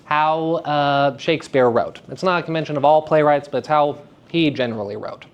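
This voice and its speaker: A man teaching verse speaking to high school students in a live lecture, with a playful and teasing manner. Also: moderate pace, clear, resonant tone, highs cut off. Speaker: drama teacher giving a lecture. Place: school room at a theater festival.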